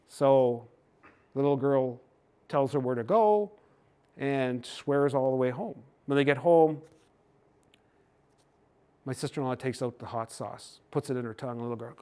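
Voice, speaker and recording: An older Canadian man giving a gentle, folksy storytelling talk to a hockey team. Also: mid-range voice, normal speed, long pauses, clear, resonant tone. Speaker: speaker on cultural mindfulness.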